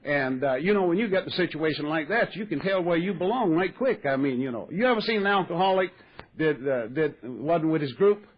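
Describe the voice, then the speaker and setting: A man's voice: on the high side, lively intonation, brisk. Older man, folksy and wry, speaker at a recovery meeting; muffled vintage tape. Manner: folksy storytelling, wry humor. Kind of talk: recovery talk to an audience.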